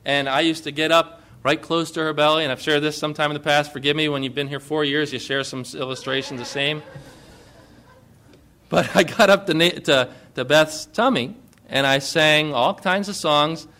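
A male pastor with a notably high voice delivers an earnest, conversational sermon. He keeps turning to his listeners with questions as he preaches. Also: steady tone, moderate pace, bright, forceful tone, clear, resonant tone.

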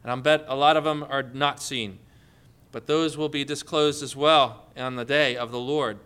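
A man's voice: medium pitch, fairly even intonation, normal speed, a bit bright, smooth. A man preaching a sermon, telling stories and rising into emphatic questions.

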